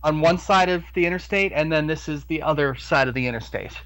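Quick-witted man with a raised voice. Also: a little high, no echo, poor audio. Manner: quick deadpan quips. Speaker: podcast co-host. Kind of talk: casual chat.

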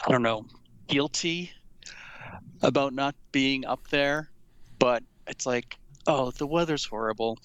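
A man's voice: mid-range voice, a little slow, fairly bright tone, clean tone, no room sound, lo-fi sound. A man from the Boston area, co-hosting a casual chat with wry, grumbling humor.

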